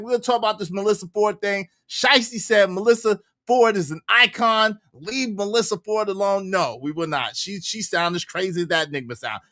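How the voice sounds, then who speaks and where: A man hosting a casual reaction livestream, loud and slangy, laughing often. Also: high voice, no room sound, studio quality. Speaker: livestream commentary host.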